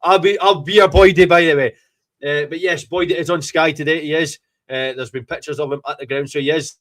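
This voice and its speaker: A Scottish man hosting a fan podcast, reacting live to a football match in an excitable, gloating way and swearing freely. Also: a little high, fairly quick.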